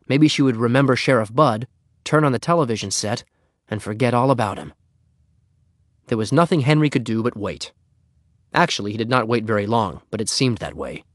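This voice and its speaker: Expressive male storybook narrator. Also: medium pitch, no room sound, studio quality. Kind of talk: audiobook reading.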